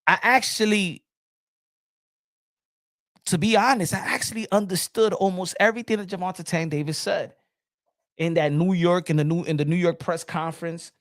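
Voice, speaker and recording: A man's voice: sits high, fairly even intonation, moderate pace, pauses often, no echo, clean studio sound. A man hosting a boxing podcast in a casual, blunt and profane rant, often repeating words as he restarts his thoughts.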